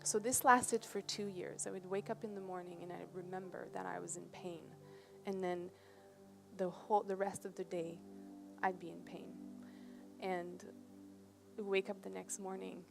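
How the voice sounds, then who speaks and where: A woman gives a presentation aboard a ship and tells a personal story in a relaxed, conversational way. She has a middle-range voice and often pauses to check in with her listeners. Faint music plays behind her. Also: mid-range voice, creaky.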